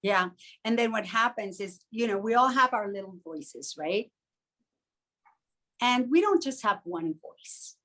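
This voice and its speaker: A woman's voice: medium pitch, animated, a little slow, a bit bright. A woman co-hosting a podcast in casual chat, reflective and acting out inner voices in little quoted asides. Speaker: podcast co-host.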